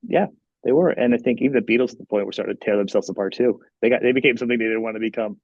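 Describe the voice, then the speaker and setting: A man hosting a podcast interview, talking in a rambling, animated way with many restarts. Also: mid-range voice, racing, breathy edge, no room sound, muffled recording. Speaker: podcast host. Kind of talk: casual interview chat.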